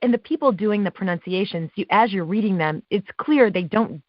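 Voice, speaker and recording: A woman guest on an interview show, telling stories about her work as a live awards announcer, with lively quoted dialogue and frequent laughs. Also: mid-range voice, brisk, no echo. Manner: animated, acts out quotes, laughs often. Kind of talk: casual interview storytelling. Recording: dull dry podcast audio.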